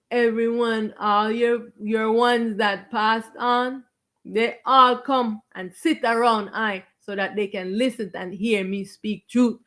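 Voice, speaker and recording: A woman's voice: a little high, a bit bright. A woman acting as a spiritual teacher, preaching to viewers on a live stream in an emphatic, confrontational way. She stretches out stressed words and repeats her phrases.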